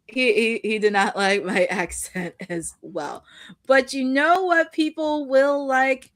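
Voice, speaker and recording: A woman co-hosting a wrestling podcast, chatting casually and rambling with quick self-corrections. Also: high voice, fairly bright tone. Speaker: podcast co-host. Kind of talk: casual chat.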